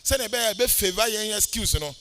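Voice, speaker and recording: A man's voice: sits high, lively intonation, fairly quick, fairly bright tone, faint music behind. A male pastor with a Ghanaian accent, preaching a sermon in a sing-song cadence and mixing English with Twi.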